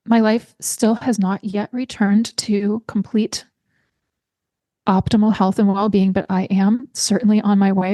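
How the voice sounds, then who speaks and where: A woman hosting her own health podcast, speaking in an earnest, heartfelt way and guiding listeners through slow breathing. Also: mid-range voice, dark tone, no room sound, studio quality. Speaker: podcast host. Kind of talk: podcast monologue.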